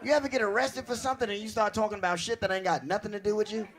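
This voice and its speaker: A man doing a live stand-up comedy set, talking loud and punchy and shouting his punchlines. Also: sits high, fairly even intonation, rapid-fire, a faint crowd. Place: comedy stage before a live audience. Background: audience.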